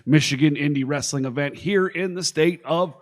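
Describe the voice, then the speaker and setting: A man's voice: fairly high pitch, moderate pace. A man hosting a casual podcast, hyping himself up in a joking, boastful way. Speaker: podcast host. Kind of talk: casual chat.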